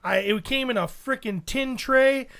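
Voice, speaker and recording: A man's voice: very high-pitched, unhurried, creaky, a bit bright. A middle-aged man co-hosting a podcast, ranting profanely in casual chat. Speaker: podcast co-host.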